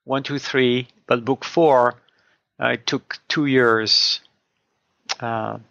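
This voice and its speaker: Gravelly Frenchman explaining at length. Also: medium pitch, fairly even intonation, slow, fairly bright tone, no room sound. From France. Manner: thoughtful, explaining with many restarts. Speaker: podcast co-host. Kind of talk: casual comics review chat. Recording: dull, dry sound.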